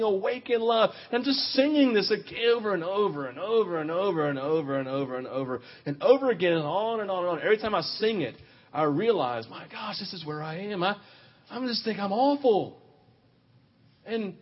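A man preaching a sermon in an animated, confessional way, swinging between loud outbursts and quiet, intimate stretches. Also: high-pitched, slightly rough, highs cut off.

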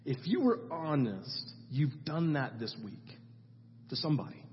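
A man's voice: fairly high pitch, very animated, a little slow, slight background noise. A male pastor preaching a conversational sermon, telling stories with frequent asides to the congregation. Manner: storytelling, conversational with audience asides. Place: church sanctuary. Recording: muffled sound with long church reverb.

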